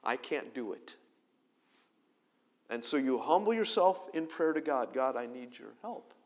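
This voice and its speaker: A man preaching a conversational sermon. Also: mid-range voice. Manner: conversational preaching, swinging between loud emphasis and quiet close talk. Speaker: pastor.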